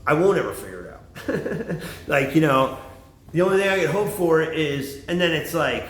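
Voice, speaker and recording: A man's voice: on the high side, animated, normal speed, a bit bright. A man vlogging in a casual, rambling monologue, swearing often and full of fillers. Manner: rambling, profane, lots of fillers. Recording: roomy echo, faint ambience.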